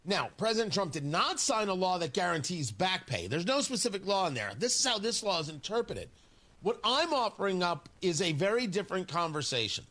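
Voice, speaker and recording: A man's voice: high-pitched, big pitch swings, a little fast, bright, forceful tone. A man hosting a morning talk radio show in a studio, delivering an indignant, sarcastic monologue with emphatic jabs. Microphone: studio microphone.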